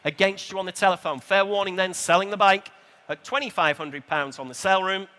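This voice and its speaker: Auctioneer guy calling bids fast n chatty, high bright voice, big echoey hall. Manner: brisk, chatty bid calling with dry asides. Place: large exhibition hall saleroom.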